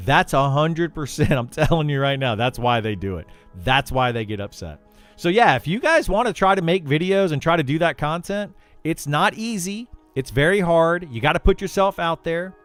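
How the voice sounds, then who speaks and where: A man's voice: a little high, moderate pace, soft background music. A man who makes gaming videos, chatting casually in an exasperated, ranting way. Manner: animated ranting, exasperated, laughs often. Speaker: gaming content creator. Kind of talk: casual livestream chat.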